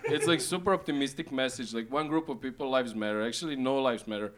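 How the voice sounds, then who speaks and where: A man making quick joking remarks as a guest on a casual podcast. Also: mid-range voice.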